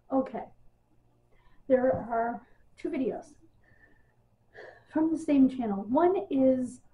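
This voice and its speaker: A woman ranting in a casual, exasperated way, pausing on ums and scoffing with sarcasm. Her voice sits a bit high. The sound is narrow and tinny, like a phone line. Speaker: wrestling news vlogger.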